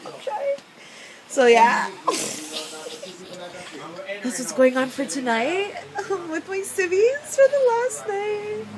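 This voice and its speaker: A young woman vlogging casually at night, giggly and excitable, talking in bursts into a handheld camera. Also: extremely high pitch, slow pace, pauses often, crowd noise, rough recording. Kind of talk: casual vlog chat. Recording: music playing in background.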